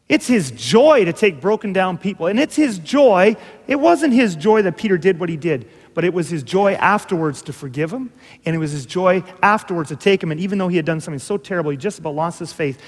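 High-voiced preaching man in a reverberant hall. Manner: earnest, emphatic preaching with dramatic pauses. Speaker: pastor. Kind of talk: sermon.

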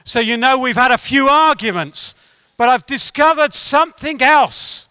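Bright, emphatic preacher man. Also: very high-pitched, a little slow, clear, resonant tone, no echo, clean studio sound. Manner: animated, emphatic storyteller. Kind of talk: sermon with storytelling. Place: meeting room with an audience.

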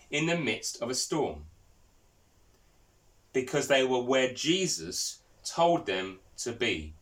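Lively-voiced man preaching a sermon. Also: fairly high pitch. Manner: storytelling, asks the listeners questions.

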